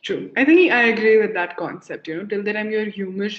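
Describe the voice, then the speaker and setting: A woman's voice: mid-range voice, fairly quick. A young woman tutoring over a video call, chatty and laughing often as she explains things with examples. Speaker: English tutor. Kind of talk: conversation practice lesson. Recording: echoey room, dull lo-fi call audio.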